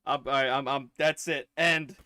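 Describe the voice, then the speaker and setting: A man's voice: medium pitch, fairly even intonation, normal speed, pushed and bright, clean tone, no room sound. A man hosting a casual podcast, laughing often as he closes the episode. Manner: laughs often, wraps up the show. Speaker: podcast host.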